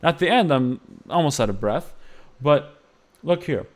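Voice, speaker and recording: A man's voice: on the high side, expressive, measured pace. A man teaching Byzantine-style chant phrasing, explaining patiently and singing short phrases to demonstrate. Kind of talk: music lesson with sung demonstrations.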